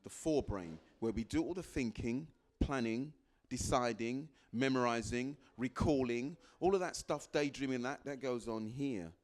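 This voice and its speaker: Animated man giving a motivational talk. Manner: animated, acts out little dialogues with sudden high jumps in pitch; repeats phrases for emphasis. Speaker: guest speaker. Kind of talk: motivational talk to a live audience.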